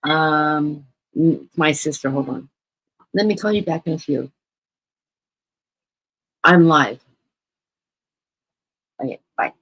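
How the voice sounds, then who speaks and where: A woman's voice: sits low, slow pace, long pauses, no echo, poor audio. A woman giving a chatty live-stream tarot reading, often repeating words for emphasis. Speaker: guest tarot reader. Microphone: computer mic on a live stream.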